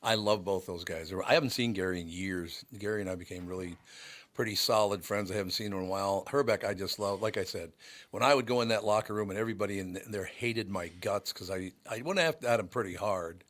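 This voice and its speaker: A man with a somewhat low voice chats casually about sports. He reminisces and tells anecdotes from his broadcasting days in an easy conversational way. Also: quick pace, a bit bright.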